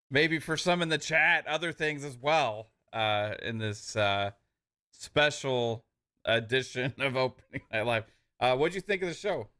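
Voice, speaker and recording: A man's voice: mid-range voice, bright, forceful tone, clear, resonant tone. A man co-hosting a live stream, chatting casually and enthusiastically about game trailers in loose slangy talk. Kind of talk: casual gaming show chat.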